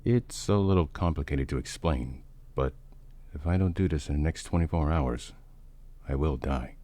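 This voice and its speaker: A man voicing a quiet, serious monster summoner. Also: extremely low pitch, normal speed.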